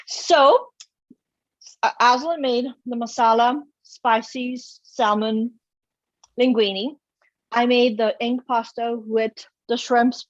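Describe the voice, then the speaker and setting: Woman home-cook host, slightly high voice, dry and muffled video-call sound. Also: no echo. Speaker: cooking show host. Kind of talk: casual cooking demo chat. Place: home kitchen.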